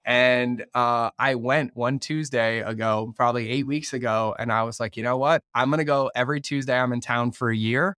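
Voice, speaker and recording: A man in his thirties with a mid-pitched voice hosts a podcast and speaks earnestly and reflectively. The sound is dry and close. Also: steady tone, moderate pace, hardly any pauses, a bit bright, clean tone, no room sound. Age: 30s. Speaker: podcast host. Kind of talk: conversational podcast interview.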